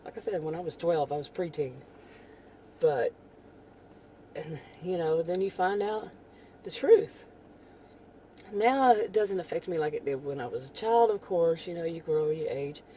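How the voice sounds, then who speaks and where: Texan woman, low mellow voice. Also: a little slow, pauses often, slight background noise. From Texas. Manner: rambling, many "you know, like" fillers, soft laughs. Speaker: vlogger. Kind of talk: casual monologue vlog. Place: in a car while driving.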